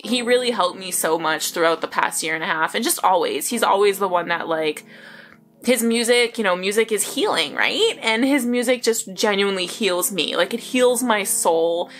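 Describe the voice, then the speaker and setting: A young woman with a bright, forceful voice talks to camera in a loose, excitable ramble, piling up fillers and breaking into laughs. Her pitch sits in an ordinary middle range. Faint music plays softly behind her. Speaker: vlogger. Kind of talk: casual storytelling to camera.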